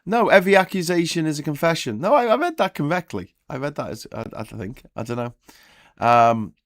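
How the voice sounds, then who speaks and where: A man's voice: a little high, lively intonation, a little fast, no echo, clean studio sound. A hungover man hosting a casual morning live stream, telling jokes and rambling through the news with frequent restarts.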